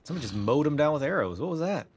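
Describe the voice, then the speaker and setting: A man's voice: a little high, big pitch swings, fast talker, a little mellow. A young man casually commenting on a game he is streaming, laughing often and saying "like" a lot.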